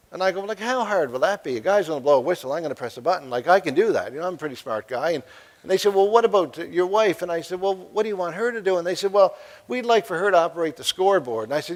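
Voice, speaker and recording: A middle-aged man from the East Coast giving a keynote speech at a college convocation, telling humorous anecdotes and acting out the voices of the people in them. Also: fairly high pitch. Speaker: keynote speaker. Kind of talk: storytelling speech. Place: convocation hall.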